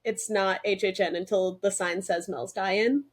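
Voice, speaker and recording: A young woman co-hosting a podcast in casual chat, excited and talkative with lots of fillers. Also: mid-range voice, a little slow. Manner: excited, chatty, many fillers. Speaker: podcast co-host.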